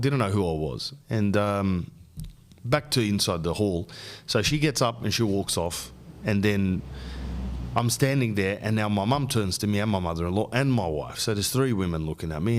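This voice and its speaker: A very low-voiced man in his thirties tells rambling, casual stories as a podcast host. He is animated and sweary, and often drifts off in restarts. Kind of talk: casual comedic storytelling.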